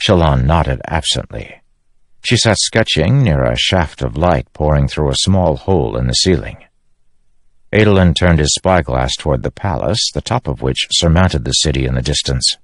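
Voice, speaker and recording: Male audiobook narrator, very low voice, dry studio read. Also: lively intonation, moderate pace, no echo. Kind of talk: scripted narration.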